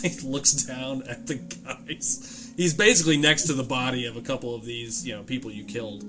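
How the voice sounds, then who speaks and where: A man running a tabletop game as game master, talking in a relaxed, chatty way with many fillers. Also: medium pitch, normal speed, over music.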